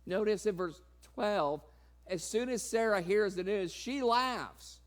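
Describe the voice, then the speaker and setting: High-voiced, laughing preacher. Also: male voice, slow. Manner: laughs often while preaching, playful and amused; acts out quoted voices with sudden pitch jumps. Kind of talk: sermon.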